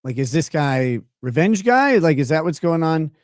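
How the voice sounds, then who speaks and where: A man's voice: a little high, moderate pace, no echo, clean studio sound. A man giving sarcastic live commentary on a court trial as host of his stream. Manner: animated, sarcastic, mocking.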